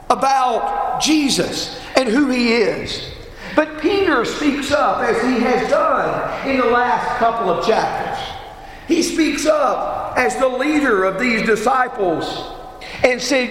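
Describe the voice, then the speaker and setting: A man preaching a sermon, teaching in a measured, emphatic way and repeating rhetorical questions. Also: very high-pitched, lively intonation, a bit bright, slight background noise. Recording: echoey hall with long reverb.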